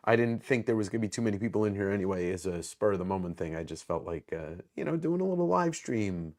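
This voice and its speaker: A man's voice: lowish voice, a little mellow. A man hosting a casual live stream, rambling and self-mocking as he greets viewers in the chat by name.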